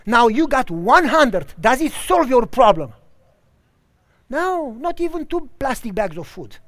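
A man's voice: very high voice, very animated, unhurried, a bit bright, no echo. A man preaching a sermon, telling a story with lots of animation and often checking whether listeners follow him, in slightly non-standard English.

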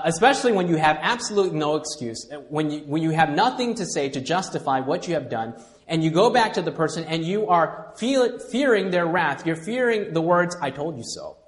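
A man preaching a sermon as pastor, swinging from quiet intimate asides to loud emphatic lines and leading the congregation to repeat after him. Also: a little high. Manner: leads congregation in call-and-response.

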